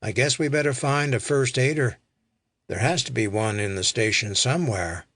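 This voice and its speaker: A man voicing a weary male commuter, speaking calmly. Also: mid-range voice, moderate pace, no room sound, studio quality. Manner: calm, weary. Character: tired male commuter, calm.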